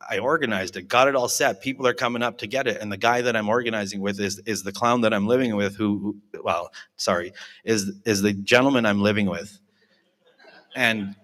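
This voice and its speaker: Man, forties, lowish voice, recovery testimony, candid, acts out quoted dialogue, long hall reverb. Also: fairly bright tone. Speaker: recovery alumni speaker. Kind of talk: personal recovery testimony to a live audience.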